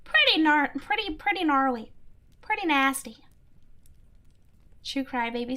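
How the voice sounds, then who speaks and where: A young woman streamer chats casually and answers her viewers, rambling with lots of "like" and breaking into giggles. Her voice sits high and sounds bright. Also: expressive, slow pace, long pauses. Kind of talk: casual chat, reading chat.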